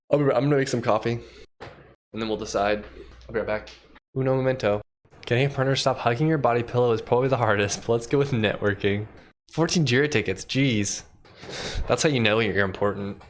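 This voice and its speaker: A man livestreaming as a programmer, thinking aloud in a loose, relaxed way and chatting with viewers. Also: fairly low pitch, a little hiss or hum. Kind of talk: casual livestream chat while coding.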